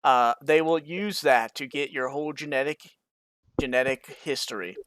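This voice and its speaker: A man's voice: mid-range voice, moderate pace, fairly bright tone, smooth, dry recording. A man co-hosting a podcast, rambling in casual chat and laughing often. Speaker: podcast co-host.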